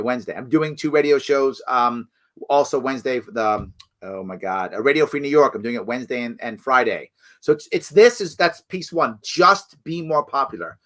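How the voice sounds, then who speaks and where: Animated man hosting a live Q&A. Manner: animated, acts out quoted voices with big jumps in pitch; frequent restarts and self-corrections. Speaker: host answering live chat questions. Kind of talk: live ask-me-anything stream, casual chat.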